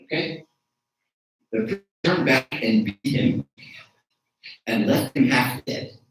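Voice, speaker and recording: A man delivers a conversational sermon, pausing to toss questions back at the pews. His voice sits at an ordinary middle pitch. It reaches the listener from some distance, filling a large, very echoey church. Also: animated. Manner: engages the congregation with frequent rhetorical questions. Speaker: archdeacon preaching.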